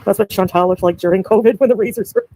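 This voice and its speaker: A woman's voice: mid-range voice, fast, dark tone, dry recording, rough recording. A woman chatting on her livestream, giggling and answering viewers by name. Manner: giggly, rambling, answers chat names. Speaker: livestreamer reading chat. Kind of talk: casual livestream chat.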